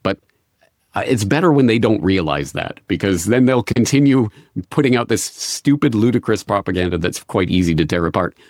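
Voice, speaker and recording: A middle-aged man from North America answering interview questions in a measured way, often restarting his phrases. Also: fairly low pitch, lively intonation, a little mellow, dry recording. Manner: measured, restarts phrases, occasional dry laugh. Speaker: interview guest.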